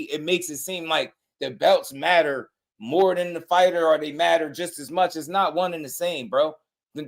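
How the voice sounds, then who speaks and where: A man hosting a boxing reaction channel, talking bluntly in slang and repeating his points for emphasis. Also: on the high side. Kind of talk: casual reaction commentary.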